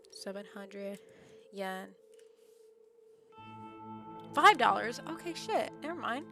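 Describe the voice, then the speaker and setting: A chatty young woman streams herself reading a visual novel aloud, filling gaps with casual asides and loose filler words. She sounds a little out of breath and trips over words at times. Clear game music plays behind her. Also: medium pitch. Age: young adult. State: somewhat out of breath.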